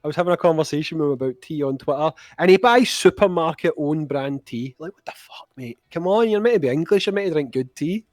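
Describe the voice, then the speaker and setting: A man's voice: on the high side, expressive, fast, few pauses, darkish tone, no echo, clean studio sound. A young Scottish man chatting as a podcast guest, blunt and jokey, swearing freely as he rants. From Scotland. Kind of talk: casual chat.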